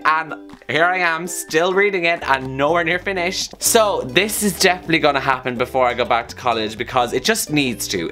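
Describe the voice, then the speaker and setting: A young man talks straight to camera in an upbeat, excitable way, like a book vlogger chatting with his viewers. He has a sore throat, and his pitch sits mid-range for a man. Light music plays faintly behind him. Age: young adult. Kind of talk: casual chat to camera.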